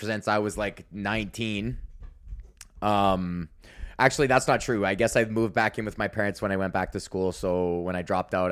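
A man's voice: medium pitch, fairly bright tone. A man in his thirties from Canada hosting a podcast, talking in a rambling, profane casual monologue with laughing asides. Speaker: podcast host.

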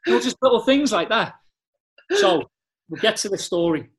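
Scouse bloke, ex-footballer, swearing his way through stories, bit higher voice. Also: normal speed. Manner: blunt, swearing, animated storyteller with slang. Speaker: podcast guest, former footballer. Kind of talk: casual storytelling chat.

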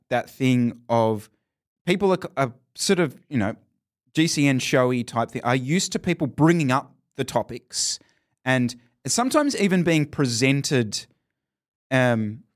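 A man hosting a casual cycling podcast, thinking aloud in long, rambling sentences. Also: medium pitch. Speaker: podcast host. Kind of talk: casual chat.

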